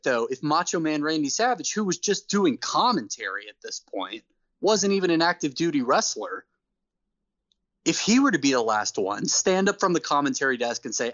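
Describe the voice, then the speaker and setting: A man co-hosting a casual podcast, ranting in an animated, exasperated way and laughing between points. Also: on the high side, moderate pace, dry recording, muffled recording. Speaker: podcast co-host. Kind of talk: casual wrestling podcast chat.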